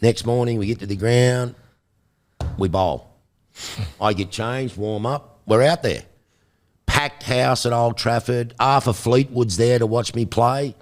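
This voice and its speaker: An older Australian man in an interview, telling animated stories and acting out the voices of the people in them. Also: medium pitch, a little slow. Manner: animated storyteller, acts out quoted voices. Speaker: guest. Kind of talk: storytelling interview.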